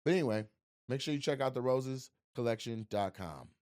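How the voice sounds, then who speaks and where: A man doing crowd work as a stand-up comedian and podcast host, talking loudly, laughing, and mimicking voices. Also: mid-range voice, fairly quick. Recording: roomy live venue, crowd noise, far from mic.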